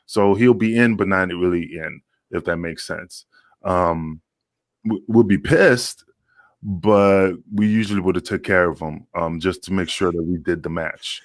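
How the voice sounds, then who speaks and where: A man's voice: deep voice, moderate pace, dry recording. A man, a former pro wrestler, telling locker-room stories in a loose, profane way with many fillers and restarts. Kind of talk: casual storytelling.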